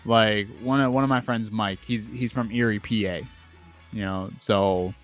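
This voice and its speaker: A man's voice: on the low side, fairly even intonation, unhurried, faint music behind. Rambling young man chatting. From Syracuse, New York. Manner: rambling, restarts phrases often. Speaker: podcast co-host. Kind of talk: casual chat.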